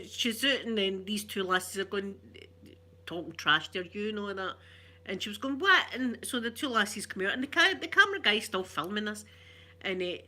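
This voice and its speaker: A woman with a Glaswegian Scottish accent chatting casually, a rambling storyteller who laughs often and slips into soft asides. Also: medium pitch. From Glasgow, Scotland. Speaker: ASMR vlogger. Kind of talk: casual chat.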